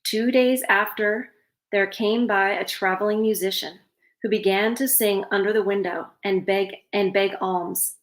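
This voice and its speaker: A woman's voice: medium pitch, steady tone, measured pace. A woman reads a fairytale aloud and breaks off for sarcastic asides. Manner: sarcastic asides between passages. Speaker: storyteller. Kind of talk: reading a fairytale aloud with commentary. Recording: roomy echo.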